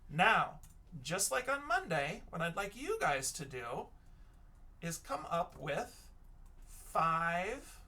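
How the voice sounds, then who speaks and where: Male teacher, young adult, recorded kids' reading lesson; unhurried, sounds words out letter by letter. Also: sits high, big pitch swings, bright, forceful tone.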